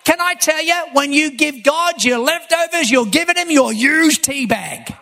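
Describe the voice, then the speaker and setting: A male pastor preaching a sermon, telling stories and building to shouted emphasis. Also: very high voice, animated, normal speed, creaky, hardly any pauses. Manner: preaching with rising, shouted emphasis and storytelling asides.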